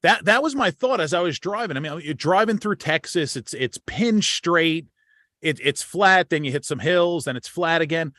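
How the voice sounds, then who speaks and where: A man's voice: a little high, expressive, normal speed, sharp tone, no echo. Chatty American man, dry close sound. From United States. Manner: rambling, repeats words when starting. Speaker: podcast host. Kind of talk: casual chat.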